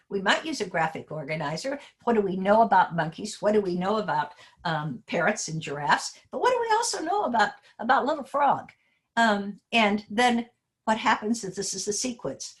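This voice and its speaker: A woman giving a teacher training talk, animated and asking many questions. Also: medium pitch.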